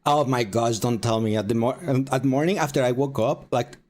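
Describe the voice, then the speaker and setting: A man streaming a game, chatting casually with viewers and rambling with halting pauses. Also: medium pitch, a little mellow. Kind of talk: casual live-stream chat.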